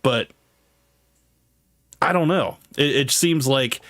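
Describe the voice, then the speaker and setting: Male host, mid-pitched, rambling casual commentary, dry booth sound. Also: slow pace, a bit bright, no echo. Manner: loose, rambling, heavy on fillers.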